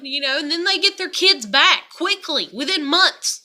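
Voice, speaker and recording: A woman's voice: high-pitched, moderate pace, hardly any pauses, bright, forceful tone. A woman in an angry personal vlog rant, swearing and repeating furious rhetorical questions. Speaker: vlogger.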